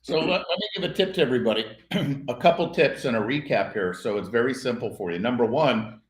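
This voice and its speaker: A man's voice: medium pitch, animated, fairly quick. A man co-hosting a podcast, recapping advice as numbered tips in a coaching manner. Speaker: podcast co-host. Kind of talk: casual business advice talk. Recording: roomy echo.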